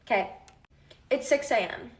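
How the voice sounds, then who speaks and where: A woman narrates a second-person storytime game in a casual, slightly hesitant way. Her voice is a little high. She sounds distant from the mic in a room with a lot of echo. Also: measured pace. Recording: roomy echo, far from mic.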